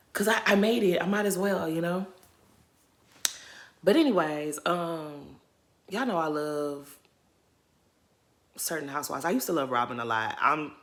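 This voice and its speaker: A Southern American woman in her thirties chats to her channel in a relaxed, gossipy way. Her voice sits a touch low but sounds bright and forward. She keeps nudging her points home with a quick "okay?". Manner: chatty, tags lines with "okay?". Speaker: YouTuber. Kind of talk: casual chat.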